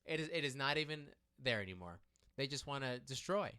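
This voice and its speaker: A man co-hosting a casual political chat podcast, talking in an animated way and restarting his sentences often. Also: medium pitch, fairly quick, smooth. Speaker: podcast co-host.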